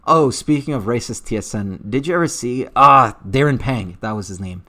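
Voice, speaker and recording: A man's voice: mid-range voice, animated, moderate pace, bright, forceful tone. A man with an accent reading chat comments on a livestream, talking in a blunt and profane way with lots of fillers. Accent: unidentified accent. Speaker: streamer reading live chat.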